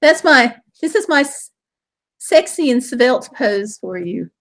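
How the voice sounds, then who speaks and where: A woman's voice: high-pitched, lively intonation, slow pace, fairly bright tone. A woman hosting a casual live stream from home, with a Southern US accent, cheerfully reading viewer comments aloud.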